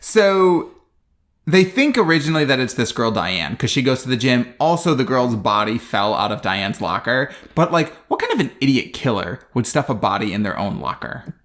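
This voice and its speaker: A man's voice: medium pitch, very animated, moderate pace, fairly bright tone. A man co-hosting a podcast, recapping a bad movie in a casual, dry, sarcastic way. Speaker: podcast co-host.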